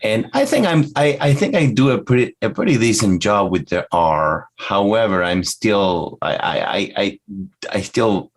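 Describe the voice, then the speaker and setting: Argentine-accented man, halting and earnest. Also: on the low side, very animated. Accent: Argentine Spanish. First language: Spanish. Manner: earnest, halting, many restarts. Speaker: podcast co-host. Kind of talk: casual chat.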